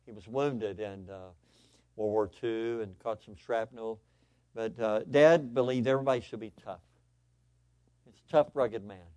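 A male pastor preaching a sermon, telling personal stories in an animated, excitable way with lots of repetition. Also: fairly low pitch, unhurried, no echo.

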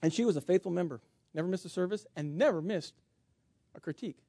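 A man preaching as a pastor, animated and humorous, jumping between loud emphasis and quiet asides. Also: high-pitched, fast talker, dry recording. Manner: humorous storytelling with self-mockery. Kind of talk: sermon.

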